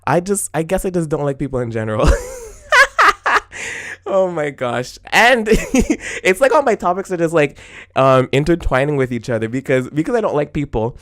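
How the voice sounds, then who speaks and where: Animated young man ranting on a podcast. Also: on the high side, moderate pace. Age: 20s. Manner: animated and exclamatory, with frequent laughs; acts out his own retorts in quoted asides. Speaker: podcast host. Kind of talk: casual solo rant.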